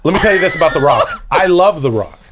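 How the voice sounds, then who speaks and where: A man's voice: a little high, expressive, fast talker, a crowd in the background, pitched above the performer's own voice, close to an everyday voice. A man putting on the voice of a boastful pro wrestler who keeps saying brother. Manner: boastful wrestling-promo bluster. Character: gravelly male pro wrestler calling everyone brother.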